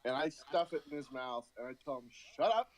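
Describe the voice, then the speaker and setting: A man playing a tabletop game, animated and stammering when excited. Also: mid-range voice, fast talker, rough recording. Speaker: player. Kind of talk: casual tabletop play.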